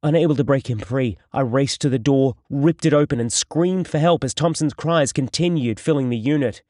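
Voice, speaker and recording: A man narrating an audiobook in the first person, with steady, measured storytelling. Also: mid-range voice, dry recording, clean studio sound.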